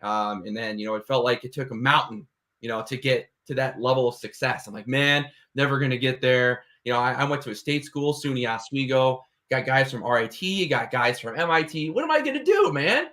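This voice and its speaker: A young man talks on an online panel in a casual, heartfelt way. His voice sits in an ordinary middle pitch. He keeps checking in with "right?" and "you know". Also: fairly quick, fairly bright tone. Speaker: panel speaker. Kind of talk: motivational panel talk. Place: online video call.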